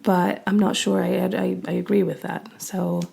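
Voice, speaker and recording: A woman co-hosting a podcast in casual conversational discussion, talking quickly and thoughtfully with frequent restarts. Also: fairly low pitch, level tone, vocal fry, warm tone. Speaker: podcast co-host.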